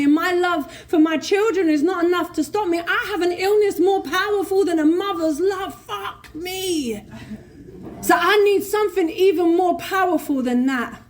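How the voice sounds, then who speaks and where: A woman with a London accent telling her recovery story at a convention, blunt, swearing and animated. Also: very high voice. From England. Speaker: recovery speaker. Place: convention hall stage. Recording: faint room noise at a convention.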